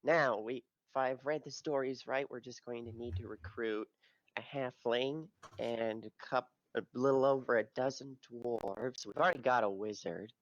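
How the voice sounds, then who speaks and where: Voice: medium pitch, steady tone, moderate pace, muffled recording, natural voice. A tabletop player voicing a pompous young hero who holds up a scroll and proclaims a grand quest. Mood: grandiose. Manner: grandiose and theatrical.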